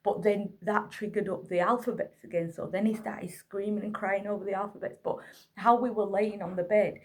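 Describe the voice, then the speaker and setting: A woman's voice: medium pitch, a little mellow. Weary single mother, candid vlog. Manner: candid, weary, tearful retelling. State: exhausted. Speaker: single mother of an autistic child. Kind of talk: emotional personal vlog, talking to camera.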